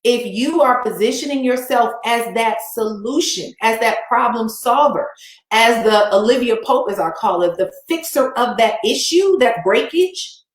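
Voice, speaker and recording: A woman business coach telling a motivational story in an energetic, emphatic way, repeating her key phrases. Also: on the high side, a little slow. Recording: echoey room.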